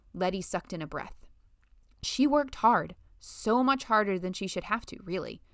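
Measured woman narrating a novel. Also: mid-range voice, lively intonation, a bit bright, no echo, studio quality. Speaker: audiobook narrator. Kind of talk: scripted narration.

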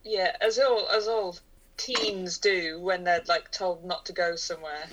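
A woman's voice: lowish voice, steady tone, unhurried, background noise. Dry-witted woman chiming in briefly. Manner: short, dry interjections. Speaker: podcast co-host. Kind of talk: casual chat.

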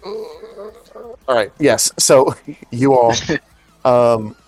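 Slow, hesitant tabletop game master. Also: mid-range voice, big pitch swings, a little mellow, faint music behind. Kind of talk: narrating a tabletop game over voice chat.

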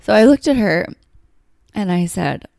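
A woman's voice: mid-range voice, expressive, unhurried, creaky, mellow, dry recording, studio quality. A woman telling a personal story in a candid, heartfelt way, full of "like" and "you know". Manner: emotional, heartfelt, filler-heavy with frequent "like".

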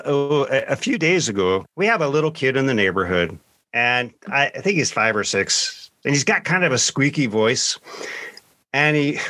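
Guy telling a funny story, bright voice, dry sound, keeps laughing. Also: medium pitch, dry recording. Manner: animated, laughs through the story. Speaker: group member sharing a story. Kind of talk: casual storytelling.

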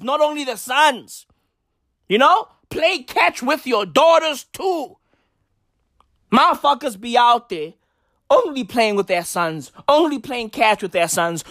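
A man doing stand-up storytelling, loud and profane, full of slang and repeated punchlines, often shouting. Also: very high-pitched, lively intonation, unhurried, no room sound, studio quality. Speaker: stand-up comedian.

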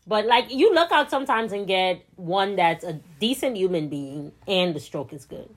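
Blunt, animated young woman co-host. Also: moderate pace. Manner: blunt and animated, bursts into high laughter. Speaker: podcast co-host. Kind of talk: casual chat.

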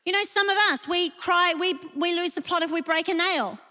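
Bright, high-voiced woman preaching in a hall. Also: normal speed. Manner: lively, emphatic, reads scripture aloud. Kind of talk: sermon.

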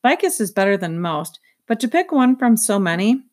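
A woman reading aloud, voicing a calm, decent man who speaks in formal, old-fashioned phrases. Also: fairly high pitch, normal speed, pitched above the performer's own voice. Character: calm, decent adult male soldier.

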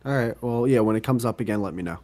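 A man's voice: lowish voice, fast talker, mellow. A man hosting a podcast in casual chat, playful and teasing, often laughing. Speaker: podcast host.

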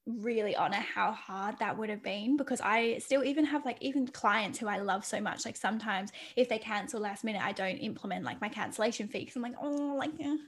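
A woman of mid pitch hosts a casual podcast chat. She affirms her guest warmly in words and fills her speech with "like". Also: a little fast, hardly any pauses. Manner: affirming, leans on the filler "like" often. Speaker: podcast host.

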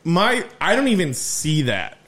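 A man hosting a podcast, telling stories in a lively, casual way and swearing freely. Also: a little high, measured pace. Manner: animated storyteller, swears freely. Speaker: podcast host.

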